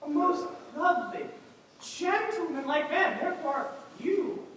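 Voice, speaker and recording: Woman doing a fussy carpenter handing out parts, high voice, echoey stage heard from far off. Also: unhurried, a bit bright, a little hiss or hum. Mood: organizing. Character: fussy carpenter directing the amateur players. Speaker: stage actor. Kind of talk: stage play performance. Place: theater stage.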